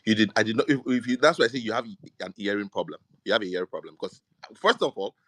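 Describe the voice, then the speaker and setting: A man's voice: lowish voice, animated, fast talker, a bit bright, no room sound. A Nigerian man argues hard in an online audio debate, his voice swooping up and down as he accuses and scolds. The sound is close and dry from a phone mic, with no room around it. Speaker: debate participant. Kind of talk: heated argument.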